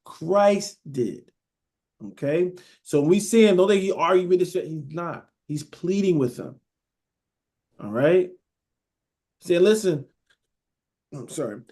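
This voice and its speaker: A man's voice: high-pitched, expressive, slow pace, pauses often, warm tone. Man preaching casually, checking in constantly. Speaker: Bible teacher. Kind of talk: sermon.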